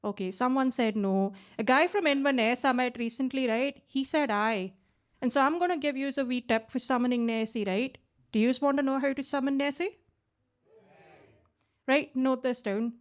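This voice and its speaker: A woman in her late twenties from India, speaking with a twang, does a chatty stand-up set on the stage mic of a basement comedy club. Her voice is high-pitched at a moderate pace, and she tags her lines with "right?".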